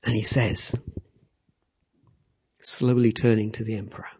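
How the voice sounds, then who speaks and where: A man's voice: on the low side, measured pace, husky. A man preaching animatedly, often checking in with the audience. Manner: animated, repeats "okay? all right?" to the audience. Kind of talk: sermon.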